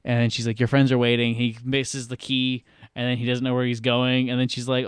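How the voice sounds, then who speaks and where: A man's voice: medium pitch, clean tone, no echo, clean studio sound. A man co-hosting a podcast, recapping a film scene in casual chat and acting out the characters' lines as he goes. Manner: animated retelling, acting out lines in quick voices. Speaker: podcast co-host.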